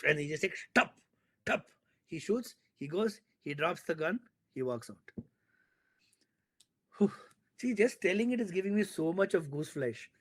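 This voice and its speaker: A man, a filmmaker from India, talking in an interview and excitedly retelling a film scene with sound effects and repetition. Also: a little high, moderate pace, pauses often. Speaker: filmmaker guest. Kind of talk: animated storytelling in an interview.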